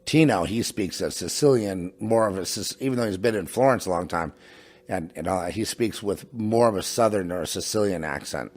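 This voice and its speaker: A middle-aged man from a home studio, rambling in a casual monologue, halting with many restarts and asides. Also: sits low. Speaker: podcast host. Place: home in New Mexico.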